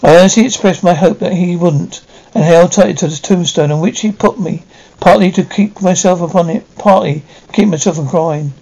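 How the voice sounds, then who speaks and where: A man reading a classic novel aloud, halting now and then to restart a word. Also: high voice, creaky, warm tone, dull audio. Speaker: audiobook reader.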